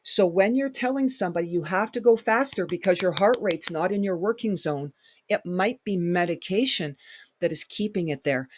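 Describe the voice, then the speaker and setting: A man with a slightly raised voice leads a fitness workshop, pressing his points with emphatic repetition. The sound is dry and close, with no room echo. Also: sits high. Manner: emphatic, repeats key points, acts out client reactions. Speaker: fitness instructor. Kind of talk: workshop lecture.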